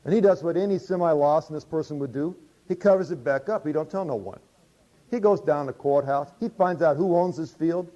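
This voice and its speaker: A man's voice: fairly high pitch, a little fast, mellow. A male preacher retelling a parable in folksy sermon storytelling, with a humorous, drawling, conversational manner. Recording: dull lo-fi recording.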